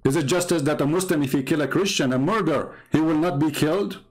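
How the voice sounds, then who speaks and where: A man's voice: a little high, quick pace. A man talking on a live stream as an online religious debater, combative and mocking, repeating himself and laughing at his own jokes.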